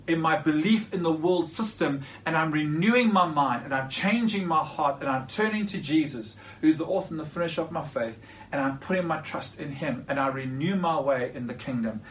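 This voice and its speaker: A man's voice: fairly high pitch, fairly bright tone, recorded from a distance, dull audio, a little hiss or hum. Earnest man preaching a sermon. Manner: earnest, often stumbles and repeats words while preaching. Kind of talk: sermon with scripture reading.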